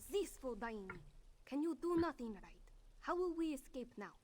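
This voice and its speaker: Flustered cat-folk thief. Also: female voice, high voice, very animated, normal speed, darkish tone, a little hiss or hum. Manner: refers to herself as "this one", pleading.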